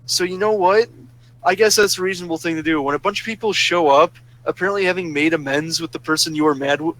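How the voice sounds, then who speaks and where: Man, fairly high voice, casual rant, sarcastic and profane. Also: a bit bright, low-quality recording. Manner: profane, sarcastic ranting that flares up angry. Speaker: storyteller ranting about a roleplay server. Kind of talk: casual ranting monologue.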